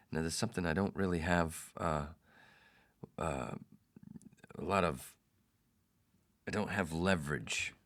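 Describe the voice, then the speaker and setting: A man hosting a podcast, telling a personal story in a casual, animated way and putting on the voices of the people in it. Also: deep voice. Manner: animated, mimics others in quoted lines. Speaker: podcast host.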